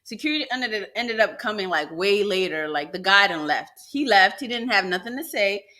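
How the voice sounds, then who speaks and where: A woman's voice: mid-range voice, normal speed. A young woman co-hosting a podcast, telling a story in casual chat and acting out what people said. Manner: animated storyteller who acts out quotes. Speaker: podcast co-host.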